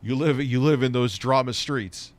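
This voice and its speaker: A man's voice: medium pitch, moderate pace. A man streaming from home, chatting casually, blunt and sarcastic with lots of swearing, and a bit stoned. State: stoned, voice lower than usual. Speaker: streamer and tech commentator. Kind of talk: casual profane live-stream chat.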